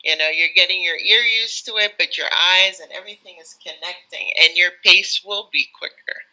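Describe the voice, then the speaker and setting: A woman's voice: fairly low pitch, normal speed, pushed and bright, low-quality recording. An American woman working as an English tutor, giving encouraging tips in a live online lesson with lots of "you know" fillers. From United States. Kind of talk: live online teaching chat.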